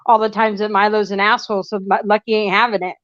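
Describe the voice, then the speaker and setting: A woman's voice: mid-range voice, little pitch movement, fast, fairly bright tone, dry recording. Chatty woman cooing at her cat. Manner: rambling and chatty, coos in baby talk at her cat. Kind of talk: casual live chat. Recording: dry, slightly muffled lo-fi audio.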